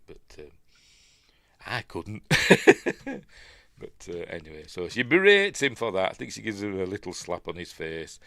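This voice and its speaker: A man's voice: lowish voice, a bit bright, dry recording, studio quality. A man with a Yorkshire accent, talking through a film in a rambling, chatty way full of asides. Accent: Yorkshire English. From Yorkshire, England. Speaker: film reviewer. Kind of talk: casual film breakdown commentary.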